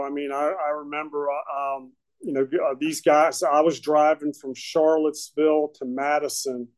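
A man sharing his recovery story at a meeting, talking haltingly with many fillers and restarts. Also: fairly high pitch, darkish tone, rough recording. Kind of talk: personal testimony at a recovery meeting.

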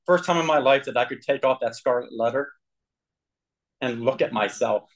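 A man sharing his personal recovery story with a group, earnest and candid, with frequent throat clearing. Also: mid-range voice, moderate pace, poor audio.

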